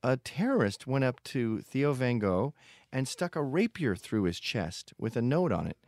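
A man's voice: mid-range voice, big pitch swings, moderate pace, a little mellow, no room sound, studio quality. A man hosting a podcast, talking in a blunt, profane, digressive casual monologue. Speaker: podcast host.

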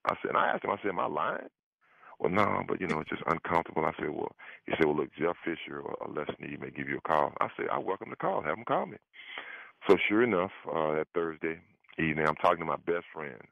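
A man's voice: animated, fast talker, gravelly, dry recording. A man telling a story on a sports radio show, acting out both sides of phone calls and repeating "I said" as he goes. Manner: repeats "I said" often, voice jumps high for quoted lines. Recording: dry, tinny phone-line call-in.

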